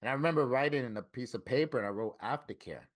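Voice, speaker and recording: Middle-aged man from Florida, mid-pitched voice, tattoo-artist guest, spins stories in a relaxed way and voices the people he quotes. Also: quick pace. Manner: lively storyteller who acts out quoted dialogue. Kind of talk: casual storytelling interview.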